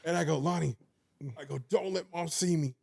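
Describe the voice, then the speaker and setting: A young man on a podcast, telling a wild story in casual chat, animated, swearing and laughing as he goes. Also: on the high side, brisk, creaky. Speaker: podcast co-host.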